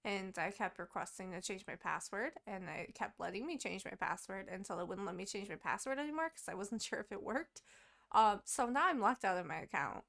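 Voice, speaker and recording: Gravelly-voiced young woman ranting casually. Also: mid-range voice, lively intonation, a little fast, a bit bright. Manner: swearing, rambling, laughing. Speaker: podcast co-host. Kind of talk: casual chat.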